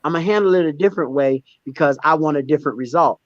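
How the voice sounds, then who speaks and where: Emphatic man with a bright lifted voice. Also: quick pace, dry recording, lo-fi sound. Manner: emphatic, repeats words and restarts, animated pitch swings. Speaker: stand-up comedian and guest. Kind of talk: candid conversational storytelling.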